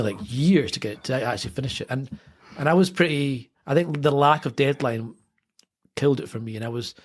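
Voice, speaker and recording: A man in his thirties, an author telling stories in a casual interview, rambling and correcting himself as he goes. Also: medium pitch. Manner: rambling, self-correcting, animated anecdotes. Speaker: author, podcast guest.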